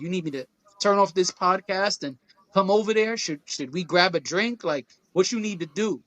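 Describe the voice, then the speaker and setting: A man's voice: sits high, fairly quick, sharp tone, no room sound. A man co-hosting a podcast, talking things through in an earnest, conversational way and often checking in with his listeners. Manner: earnest, conversational, often asks "you feel what I'm saying". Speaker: podcast co-host. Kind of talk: casual podcast discussion.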